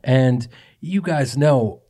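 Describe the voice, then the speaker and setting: A man's voice: mid-range voice, drawn-out words. A man hosting a podcast, telling stories with animation and heaping praise on his guests in casual interview chat. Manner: animated storyteller, effusive with praise. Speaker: podcast host.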